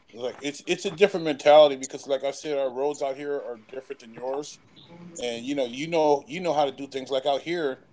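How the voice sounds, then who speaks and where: A man's voice: medium pitch, darkish tone, rough recording. A man in casual late-night chat on a remote call, rambling with lots of fillers and loose swearing. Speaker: panel guest.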